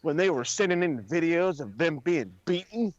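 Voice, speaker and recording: A man's voice: fairly high pitch, lively intonation, normal speed, dry recording. Profane ranting man, dull dry sound. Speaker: wrestling podcast co-host. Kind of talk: casual chat.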